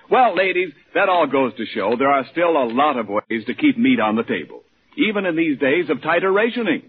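A male radio announcer reading a folksy, persuasive scripted advertisement. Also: mid-range voice. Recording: lo-fi old radio recording.

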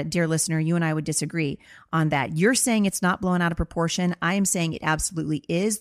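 A woman's voice: lowish voice, no echo. A woman hosting her own show, answering a listener in an impassioned monologue, earnest and emphatic, repeating phrases for stress, close to tears. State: near tears. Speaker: podcast host responding to a listener.

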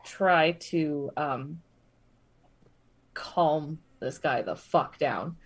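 Woman, tabletop player, slow, low-ish voice, hesitant. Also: breathy edge. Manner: hesitant, many fillers and restarts, slow. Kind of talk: casual tabletop role-play.

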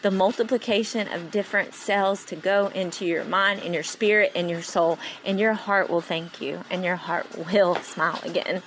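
A woman hosting a solo faith-driven motivational podcast, speaking in an animated, rambling, preachy way. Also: fairly low pitch, normal speed, few pauses, a little hiss or hum, poor audio. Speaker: podcast host. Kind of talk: solo inspirational podcast monologue.

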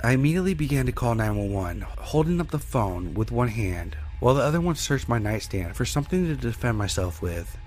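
A man reading a first-person horror story in a steady, measured way as narrator. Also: mid-range voice, soft background music.

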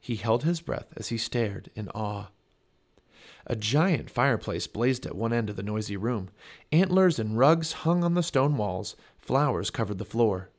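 A man reading a children's chapter book aloud, with expressive storybook narration. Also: mid-range voice, a little slow. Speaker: family podcast reader.

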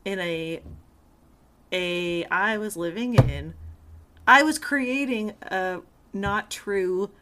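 A woman's voice: mid-range voice, drawn-out words, long pauses, pushed and bright, slight background noise. A young woman in casual chat, telling a story animatedly, acting out quotes and swearing freely.

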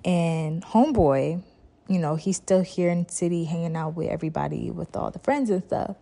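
Young woman, podcast host, slangy casual recap, low-ish voice, mellow tone. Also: moderate pace, vocal fry. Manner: chatty, slangy recap with filler "da, da, da". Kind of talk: casual storytelling monologue.

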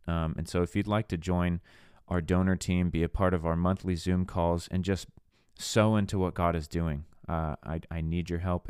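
A man's voice: deep voice, darkish tone, smooth, dry recording, studio quality. A man preaching in a casual, earnest way as a podcast host, reading scripture and talking it through. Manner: earnest, conversational, slips into voicing skeptics. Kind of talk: casual sermon-style teaching.

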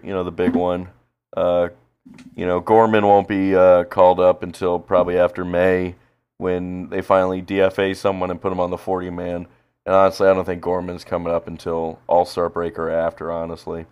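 Deep-voiced guy rambling on a podcast, swears a lot, lots of uhs. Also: level tone, normal speed, smooth, muffled recording. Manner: rambling, profane, lots of fillers. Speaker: podcast co-host. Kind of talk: casual chat while watching a baseball game.

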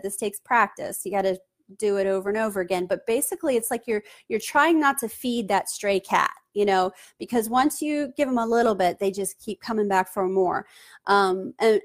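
A woman hosting her own channel, talking through advice in an earnest, conversational way with many fillers. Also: medium pitch. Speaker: channel host giving advice. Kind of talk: casual advice talk to camera.

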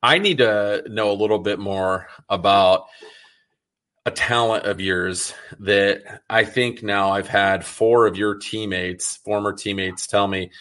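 A man hosts a relaxed interview, talking with easy enthusiasm and sprinkling his speech with "like". His voice sits somewhat low. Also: a little slow. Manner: chatty, enthusiastic, fillers like "like". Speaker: interview host. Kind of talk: casual interview chat.

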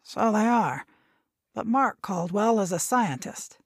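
A domineering grandfather in his nineties lectures with sharp impatience, as a woman reading a novel voices him. He snaps out facts as if no one else can explain them. The sound is dry and close. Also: medium pitch, lively intonation, slow pace, no echo. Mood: impatient. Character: irritable very old man, domineering grandfather.

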